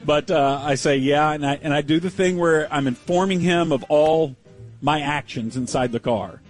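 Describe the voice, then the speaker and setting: A man's voice: a little high, normal speed, faint music behind, rough recording. A man hosting a sports radio show, telling a story in a chatty, self-deprecating way from a studio. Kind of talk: casual storytelling on air.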